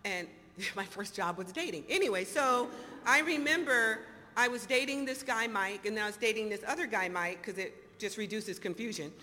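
A woman in her fifties telling her recovery story to an audience in an animated, storytelling way, acting out the dialogue. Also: mid-range voice, normal speed. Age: 50s. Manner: animated storyteller, acts out dialogue, laughs often. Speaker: speaker sharing recovery story. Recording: hall reverb, faint noise.

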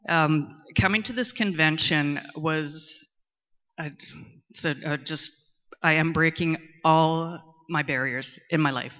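A middle-aged woman, speaking candidly in a personal testimony at a recovery meeting, talkative and at times loud and boisterous. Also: low-pitched, takes it slowly. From Canada. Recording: muffled lo-fi recording.

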